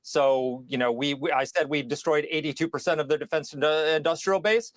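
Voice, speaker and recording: Guy analyzing politics, slightly high voice, careful and deliberate, dry sound. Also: no room sound. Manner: deliberate, with restarts. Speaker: political commentator.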